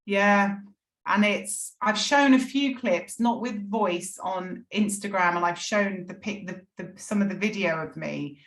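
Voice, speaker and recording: A middle-aged woman opens up as a podcast guest about her own story. She speaks earnestly and with feeling, often restarting her sentences. Her voice sits at an ordinary pitch, and the room around her sounds echoey. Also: unhurried. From England. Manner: earnest, emotional, frequent restarts. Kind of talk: candid personal recovery story.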